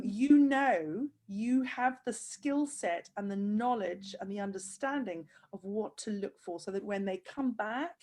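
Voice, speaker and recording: A woman's voice: mid-range voice, darkish tone. A woman hosting a video-call interview, tearful and gushing with praise for her guest. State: crying. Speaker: host of handwriting program.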